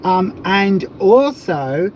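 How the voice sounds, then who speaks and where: A man's voice: high-pitched, sing-song, extremely slow, a little mellow, a little hiss or hum. A man from the south of England hosting a casual livestream, chatty and rambling with plenty of jokes. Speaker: livestream host.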